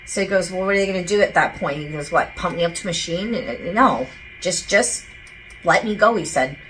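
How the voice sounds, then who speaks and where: A woman's voice: on the low side, brisk, fairly bright tone, faint music behind, low-quality recording. A woman working as a psychic medium, talking casually and rambling as she relays what a spirit tells her. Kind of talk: casual channeling session.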